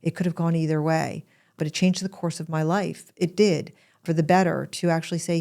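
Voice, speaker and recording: Low-voiced woman telling personal stories. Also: steady tone, a little fast, creaky, darkish tone. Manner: emotional, confiding, with playful quoted voices. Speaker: podcast host. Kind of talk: personal storytelling monologue.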